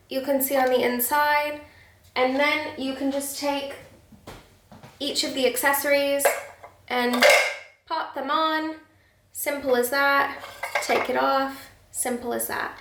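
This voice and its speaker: A woman's voice: on the high side, fairly bright tone, a little hiss or hum. A woman food photographer unboxing and reviewing a kitchen gadget in a chatty, enthusiastic way. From United Kingdom. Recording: roomy sound from a distance.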